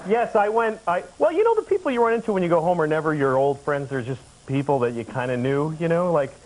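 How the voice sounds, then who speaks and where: Deadpan man rambling on a talk show. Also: fairly high pitch, fast, low-quality recording. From Boston area. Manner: deadpan, rambling with sudden yelled bits. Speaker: comedian guest. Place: TV studio. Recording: old VHS broadcast with tape hiss.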